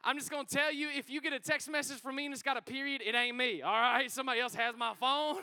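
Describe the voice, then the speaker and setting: A male pastor, preaching a sermon in a church in an excitable, energetic, joking way. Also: very high-pitched, fast, clear, resonant tone. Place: church sanctuary.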